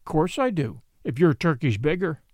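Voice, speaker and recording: A man's voice: on the high side, big pitch swings, moderate pace, darkish tone, no echo, clean studio sound. A man voicing a proud, defiant little girl in an old storybook tale, answering stoutly and curtly. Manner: stout, curt replies.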